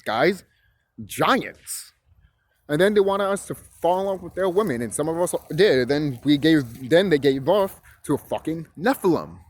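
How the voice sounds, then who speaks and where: A young man talking casually, rambling and swearing, shivering a bit from the cold outdoors. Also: on the high side. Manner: rambling, profane and emphatic, with restarts. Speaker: vlogger. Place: outdoors on a chilly hillside.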